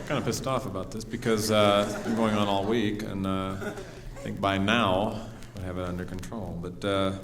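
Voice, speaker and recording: A man's voice: lowish voice, flat delivery, moderate pace, few pauses, echoey room, noisy background. A man performing a live stand-up routine on a comedy club stage, rambling with fillers and working himself into mock anger. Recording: 1970s live vinyl album recording.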